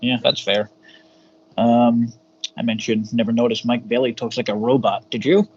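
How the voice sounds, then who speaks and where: A podcast co-host, this man chats casually and rambles through a wrestling review, with hesitant fillers and offhand swearing. His mid-range voice is flat and moderately paced, and the recording sounds dull and lo-fi with a faint hum.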